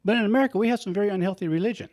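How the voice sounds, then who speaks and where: A man's voice: high-pitched, very fast, a little mellow. A man hosting a radio talk show, speaking earnestly and with emphasis about faith.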